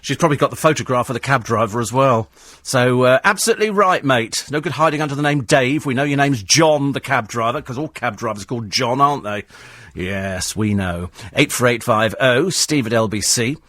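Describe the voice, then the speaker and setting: A man's voice: medium pitch, animated, a little fast, fairly bright tone, no echo. A man hosting a talk radio phone-in, combative and sarcastic as he answers listener texts in a studio. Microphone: studio microphone.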